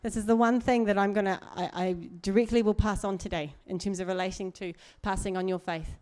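This middle-aged church speaker preaches in a medium-pitched, steady voice that is brisk and a little mellow. Her sermon is earnest yet chatty, full of side remarks and frequent laughs.

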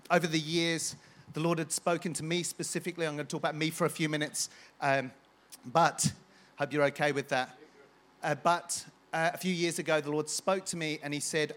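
A man's voice: fairly high pitch, a bit bright. A man preaching a sermon, telling a personal story with energy and rallying the congregation in between.

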